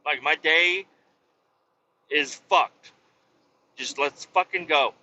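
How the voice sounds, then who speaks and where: A man's voice: on the high side, slow, bright, forceful tone, dull audio, a little hiss or hum. A man casually retelling a work story on a podcast, swearing freely and acting out quoted dialogue. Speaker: podcast host.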